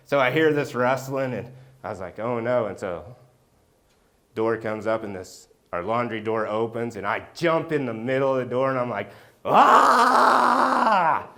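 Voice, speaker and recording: A man preaching a sermon as pastor, telling a personal story and acting out the scenes with loud outbursts. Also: mid-range voice, moderate pace. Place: church sanctuary.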